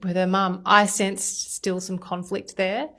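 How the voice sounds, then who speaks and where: An Australian woman TV journalist speaking in a measured, earnest way about an interview she did. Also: mid-range voice, little pitch movement, pushed and bright. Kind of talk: calm TV interview narration.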